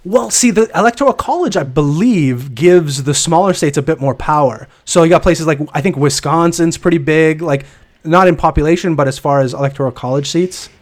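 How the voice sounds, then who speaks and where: A man's voice: fairly high pitch, fairly quick. A Canadian man co-hosting a podcast, chatting casually with many hesitations. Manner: rambling, hesitant, laughs often. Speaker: podcast co-host. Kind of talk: casual chat.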